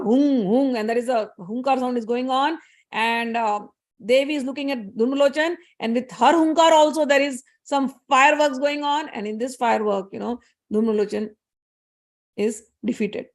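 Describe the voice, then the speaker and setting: A woman casually retelling a scripture story in a conversational way, with fillers and bursts of fast Sanskrit chanting. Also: fairly high pitch.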